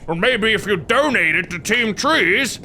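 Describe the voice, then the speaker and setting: A man's voice: sits high, animated, measured pace, noisy background. A man voicing a pushy talking tree.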